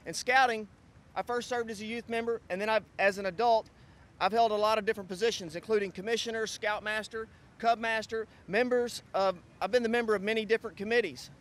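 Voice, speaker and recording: High-voiced middle-aged man from Texas, hurried. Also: steady tone, fairly bright tone. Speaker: scout crew advisor. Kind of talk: press conference speech.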